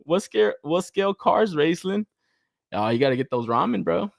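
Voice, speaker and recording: Profane, laugh-prone young man, very animated. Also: on the high side, normal speed, creaky, no echo, clean studio sound. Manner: profane, laughs often, excitable storytelling. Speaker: podcast host reading live chat. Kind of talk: casual chat.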